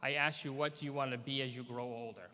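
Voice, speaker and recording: Man voicing a stern little Irish nana, attempted brogue, raised bright voice, long echoing reverb. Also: medium pitch, steady tone, fast, lightly acted. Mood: firm. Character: tiny stern old Irish grandmother.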